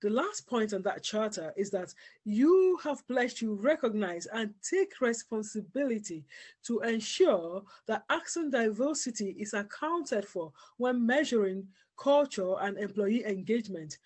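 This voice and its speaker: A host opening an interview series, speaking in a formal, measured way with some fillers. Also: male voice, sits high, animated, a little mellow. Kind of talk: scripted interview introduction.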